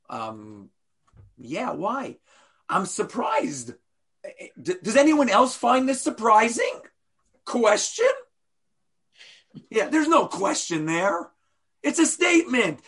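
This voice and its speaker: A man teaching a class as a rabbi, animated, full of rhetorical questions and playful asides. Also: sits high, slow, long pauses, breathy edge.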